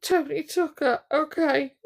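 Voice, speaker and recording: A woman's voice: high voice, steady tone, measured pace, creaky. A woman hosting a casual live stream, chatting to viewers in a gossipy, teasing way.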